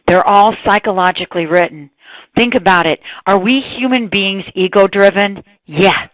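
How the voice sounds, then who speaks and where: A woman giving a sales training webinar, energetic and asking her audience questions, on a computer mic. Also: medium pitch, moderate pace, no room sound, low-quality recording.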